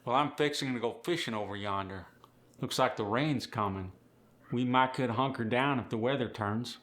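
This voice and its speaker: An easygoing Appalachian country man , put on by a man drawls his words in an unhurried, folksy way. His tone is bright and forward. The voice is pitched in an ordinary middle range. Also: natural voice.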